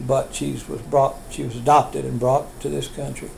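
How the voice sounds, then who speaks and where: Gravelly older man telling family stories. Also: mid-range voice, flat delivery, moderate pace, a little hiss or hum, low-quality recording. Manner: rambling, chuckling storyteller with restarts. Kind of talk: oral history storytelling.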